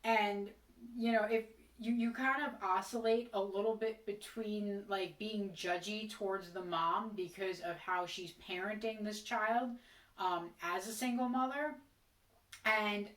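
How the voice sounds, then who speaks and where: A woman's voice: medium pitch, a bit bright. A woman casually reviewing a horror film in a chatty, exasperated way, with frequent ums. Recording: roomy, distant mic.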